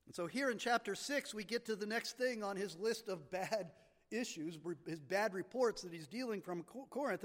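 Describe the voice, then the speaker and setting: High-voiced preacher in an echoing hall. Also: male voice. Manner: emphatic teaching, stressing key words. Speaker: pastor. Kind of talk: sermon. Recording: long reverb of a large hall.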